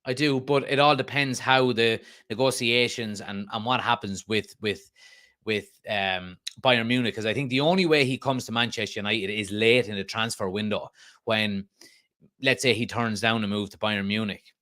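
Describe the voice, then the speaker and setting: A man's voice: on the low side, normal speed, pushed and bright. Irish man ranting on a fan stream. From Ireland. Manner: conversational, frequent restarts and fillers, emphatic outbursts. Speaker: fan channel host. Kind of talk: live-stream fan chat reading comments.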